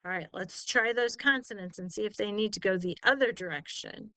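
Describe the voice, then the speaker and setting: This spelling teacher speaks a little fast in a mid-range, fairly bright voice with no room sound. Still, her lesson is slow and patient as she sounds out words syllable by syllable and praises her student's answers.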